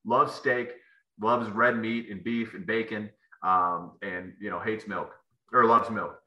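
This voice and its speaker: A man's voice: on the low side, fairly even intonation, measured pace, pushed and bright, lo-fi sound. A man, a former football player, telling rambling stories as a podcast guest, with many fillers and restarts. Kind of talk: casual storytelling interview. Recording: echoey room.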